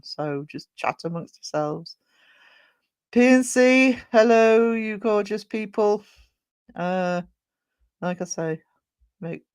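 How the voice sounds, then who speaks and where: Streamer, croaky sore throat, rambling chat, mid pitch, dry close sound. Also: no room sound. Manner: chatty, rambling, with many ums. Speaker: live streamer. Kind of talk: casual live-stream chat greeting viewers.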